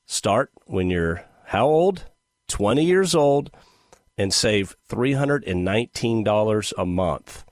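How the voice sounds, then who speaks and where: Man, middle-aged, podcast host, sarcastic, animated, dry close sound. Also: on the low side, slow pace, no room sound. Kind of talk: casual monologue.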